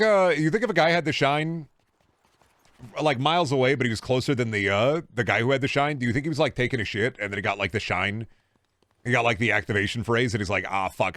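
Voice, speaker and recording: Young male streamer, casual and profane, rambles with sudden loud spikes of excitement, mid-pitched voice. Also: no echo. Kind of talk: casual gaming stream chat.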